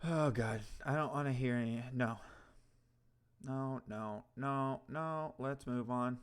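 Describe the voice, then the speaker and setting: A man hosts a live stream, reacting to clips and talking with viewers in a sarcastic, profane style, breaking into loud laughter and yelling. His voice is mid-range, clear and resonant, at a measured pace.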